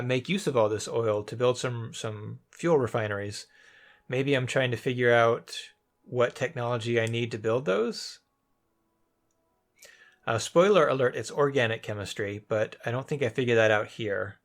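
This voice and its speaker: A young man casually commentating his own gameplay after the fact, thinking aloud in a rambling, hesitant way with many restarts. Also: mid-range voice. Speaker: let's play commentator.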